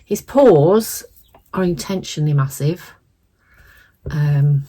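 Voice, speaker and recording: A middle-aged woman with a slightly low voice, croaky and hoarse from a lingering cold. She chats in a rambling, self-deprecating way, clearing her throat now and then as she works on a craft project at home. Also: lively intonation, slow pace, warm tone. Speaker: crafting channel host. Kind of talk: casual chat while crafting.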